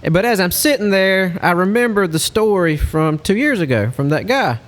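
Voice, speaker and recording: Guy with a high voice telling a hunting story, animated, casual podcast chat. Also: normal speed. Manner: animated storyteller, Southern-style speech. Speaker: hunting lodge guide.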